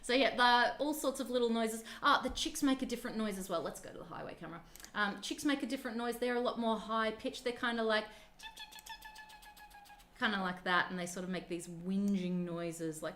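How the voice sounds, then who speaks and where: A woman's voice: fairly high pitch, fairly quick, a bit bright, soft background music. A woman presenting a live stream in a casual, chatty and upbeat way, talking to children who are watching. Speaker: live-stream presenter at a penguin nature park.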